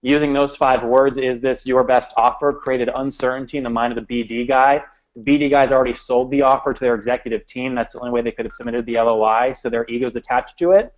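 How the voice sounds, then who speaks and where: A man speaks on a sales panel, rapid and confident as he tells his stories. His pace is very quick. The sound is muffled and lo-fi, as at a live event. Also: medium pitch, steady tone. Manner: brisk, confident storytelling. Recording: dull lo-fi event recording.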